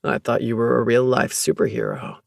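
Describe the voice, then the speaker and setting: A narrator voicing Noah, a gentle deep-voiced man. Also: big pitch swings, normal speed, no echo, studio quality. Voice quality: smooth, deep voice. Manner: warm, considerate, reassuring. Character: gentle young man, proud home brewer. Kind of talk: audiobook narration.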